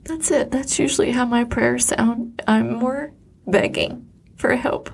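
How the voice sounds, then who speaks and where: A woman's voice: fairly high pitch, steady tone, measured pace, gravelly, slightly rough. A middle-aged woman co-hosting a podcast, speaking bluntly and to the point with a wry edge. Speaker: podcast co-host. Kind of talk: casual chat.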